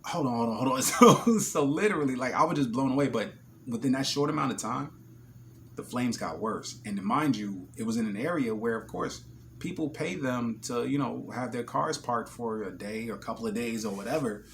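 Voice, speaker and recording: A man with a New Jersey accent tells a story in a casual vlog. He is animated and profane and acts out each moment. His voice sits at a medium pitch. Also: moderate pace, a little hiss or hum. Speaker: vlogger.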